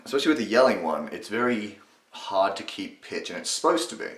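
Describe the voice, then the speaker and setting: A young man talks through a casual tutorial in a low, deep voice. He rambles, swears and restarts his sentences, and the room around him echoes. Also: animated, fairly quick, a bit bright. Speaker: channel host teaching impressions.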